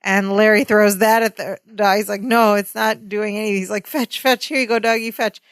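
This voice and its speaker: A woman's voice: medium pitch, a little fast, clear, resonant tone, no room sound. A woman co-hosting a casual podcast, recapping scenes and slipping into quoted lines. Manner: animated recapping with quoted voices. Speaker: podcast co-host. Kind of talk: casual rewatch podcast chat.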